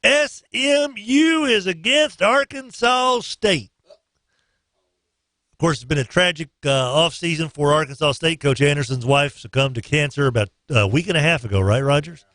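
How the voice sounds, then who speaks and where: A man's voice: on the high side, measured pace, pushed and bright, no room sound. A man hosting a morning sports radio show from a studio. He runs through his picks in a loose, joking way with a slightly raised voice. The sound is dry and close. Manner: loose, joking, sings snatches of songs.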